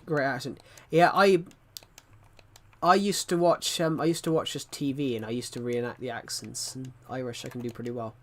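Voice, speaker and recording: A man's voice: mid-range voice, steady tone, moderate pace, fairly bright tone. A man chatting casually on a livestream, rambling and restarting his sentences as he talks to viewers.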